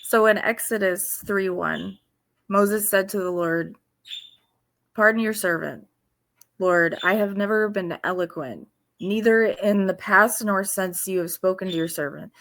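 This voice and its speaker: A woman giving informal devotional teaching in an earnest, halting way, with pauses and restarts. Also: medium pitch, a bit bright. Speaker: faith video host.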